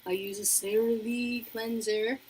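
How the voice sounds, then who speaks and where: Her voice is fairly high and a little mellow with a breathy edge, and she talks slowly with little rise or fall in pitch. She's a young woman on a beauty livestream, bubbly and chatty, applying makeup in her apartment and reading viewer messages aloud. Faint radiator hiss from the room comes through on the poor-quality audio.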